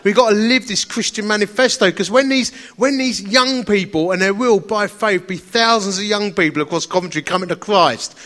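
A man's voice: sits high, normal speed, hardly any pauses, fairly bright tone. A middle-aged man with a slight lisp on some words, preaching a sermon in an enthusiastic, chatty storytelling way.

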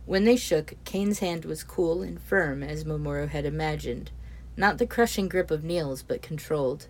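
A woman reading a story aloud as its narrator, steady and expressive. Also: deep voice, normal speed. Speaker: audiobook narrator.

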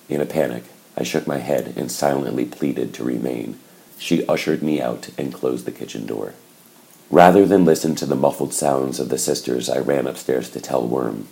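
A man reading a novel aloud in a measured, reflective way. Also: very deep voice, gravelly, warm tone, poor audio. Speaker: narrator. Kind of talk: scripted audiobook narration.

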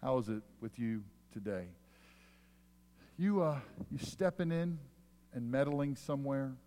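Man, pastor mid-sermon; mid-pitched voice in a reverberant church, animated storytelling that drops to quiet, slow emphasis. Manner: animated storyteller, rising loud for punchlines, then dropping soft and slow. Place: church sanctuary. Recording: long hall reverb.

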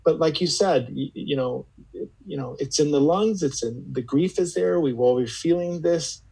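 A man with a slightly husky voice, speaking in an earnest, reflective way. He searches for his words as he goes, repeating phrases while he works out a thought. It sounds like an unhurried, thoughtful interview conversation. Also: a little high, a little mellow, poor audio. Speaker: podcast guest.

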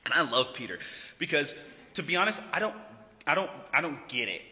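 A man preaching with a sharp, bright, ringing voice, pitched a little above the usual male range. His delivery is casual and animated, with a joking streak. A long hall reverb trails behind every phrase. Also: fairly quick. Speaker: pastor. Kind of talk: sermon.

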